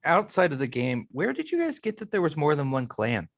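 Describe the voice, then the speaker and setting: A man's voice: fairly high pitch, wildly swooping pitch, fairly quick, vocal fry, no echo. A man narrating as game master of a tabletop game, easygoing and full of fillers.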